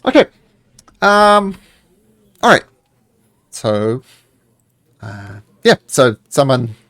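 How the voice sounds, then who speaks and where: A man narrating as game master of a streamed tabletop game, relaxed and halting. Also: mid-range voice, vocal fry, no echo. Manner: relaxed, halting, many restarts.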